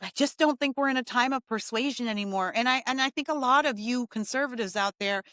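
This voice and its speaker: A woman's voice: a little high, fast, bright, forceful tone, dry recording, studio quality. Blunt, fired-up woman host. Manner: fired-up, blunt, with emphatic repetition. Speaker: podcast host. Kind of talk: opinion monologue.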